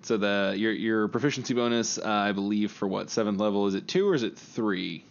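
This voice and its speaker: A man's voice: on the low side, a little fast, gravelly, dull audio. A man running a tabletop game as game master, joking and rambling between rules answers. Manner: joking, rambling, laughs often.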